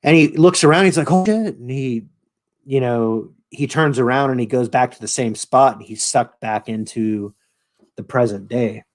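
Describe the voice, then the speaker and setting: A man's voice: mid-range voice, steady tone, moderate pace. A man hosting his own channel, casually retelling a show in a rambling, profane way with lots of fillers. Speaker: channel host.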